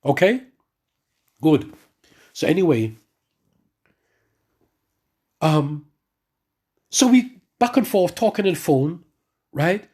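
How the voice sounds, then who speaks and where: A man giving a spoken religious testimony to his congregation, telling his story in an animated way with many asides and restarts. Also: a little high, slow, long pauses, slightly rough. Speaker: church member giving testimony.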